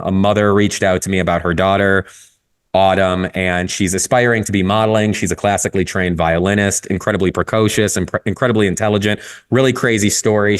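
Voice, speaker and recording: A man talking candidly in a casual podcast conversation, telling stories with frequent swearing and lively shifts in tone. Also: low-pitched, clean tone. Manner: candid, profane, storytelling, lively. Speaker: guest photographer.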